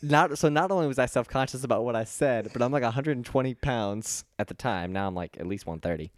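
A man co-hosting a podcast, telling stories in an animated, self-deprecating way. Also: mid-range voice, fast talker, no echo, studio quality. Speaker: podcast co-host. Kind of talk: casual conversation, storytelling.

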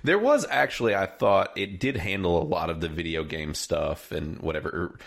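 A man's voice: low voice, lively intonation, normal speed, gravelly. A man hosting a casual chat about a movie, rambling and correcting himself as he goes. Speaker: podcast host.

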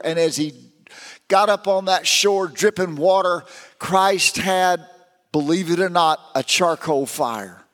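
A man's voice: high voice, measured pace, a bit bright, long reverb tail. A man preaching a sermon, telling stories with rising and falling emphasis.

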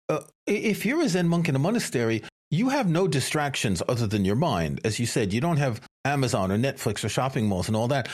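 Curious male podcast host, lively intonation. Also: medium pitch. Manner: curious, asks questions, retells jokes. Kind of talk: casual chat.

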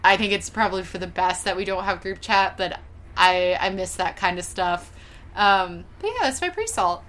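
A woman co-hosting a podcast, telling stories in a casual, animated way with laughter and casual swearing. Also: medium pitch, normal speed. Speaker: podcast co-host. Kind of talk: casual chat.

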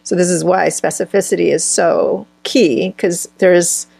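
A woman with a gravelly, slightly breathy voice talks as a guest healer in an interview. She feels her way through ideas, restarting phrases as she thinks. The sound is dry and close. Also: lowish voice, fairly even intonation, a little slow, darkish tone, dry recording. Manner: searching, restarts phrases mid-thought. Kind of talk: conversational interview answers.

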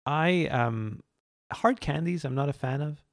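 A man from Canada co-hosting a casual podcast, laid-back and joking, with halting restarts. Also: on the high side, expressive, no room sound, clean studio sound. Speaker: podcast co-host.

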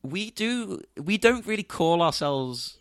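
A man with a softened Liverpool English accent, chatting casually on a podcast and laughing easily. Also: high-pitched, lively intonation, slow pace, smooth, dry recording, studio quality. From England. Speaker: podcast co-host. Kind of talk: casual chat.

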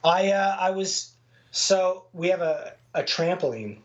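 A man with a slightly raised, husky voice chats loosely with his co-host. He stumbles and repeats himself as he goes, in an easy, unpolished way. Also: high-pitched, lively intonation, dull audio. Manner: halting, repeats his words. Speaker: podcast co-host. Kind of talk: casual chat. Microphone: remote call.

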